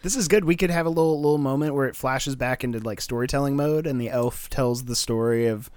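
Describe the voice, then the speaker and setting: A man casually brainstorming a comedy who tosses in quick, punning asides. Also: medium pitch, darkish tone, dry recording. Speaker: comedy co-writer.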